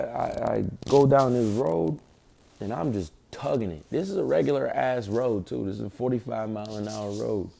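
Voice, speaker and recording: A man's voice: medium pitch, gravelly, dark tone. A young man giving a casual, profane religious lesson, telling a personal story in street slang. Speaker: online preacher.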